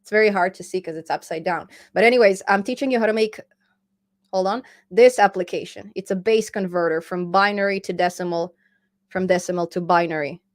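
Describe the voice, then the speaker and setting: A woman's voice: fairly low pitch, a little fast. A woman hosting a casual live-stream chat about programming, chatty and laughing often as she reads viewer comments aloud. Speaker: programming channel host.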